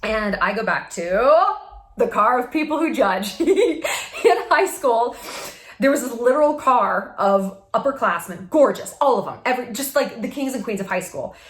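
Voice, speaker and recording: A woman's voice: on the high side, expressive, moderate pace. A woman hosting a vlog, giving a casual motivational talk to camera, emphatic and laughing often. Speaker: vlog host. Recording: echoey room.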